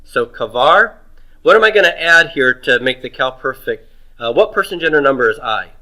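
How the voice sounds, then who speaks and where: A middle-aged man teaching Hebrew grammar in a homework review lecture. He asks questions and answers them himself, drawing out words slowly. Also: medium pitch, lively intonation, pushed and bright, low-quality recording.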